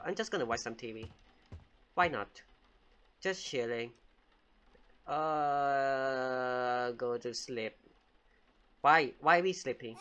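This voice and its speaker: A man's voice: fairly high pitch, bright, forceful tone. A man hosting a let's play of a horror game, talking playfully and teasing the in-game baby as he plays. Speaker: gaming channel host.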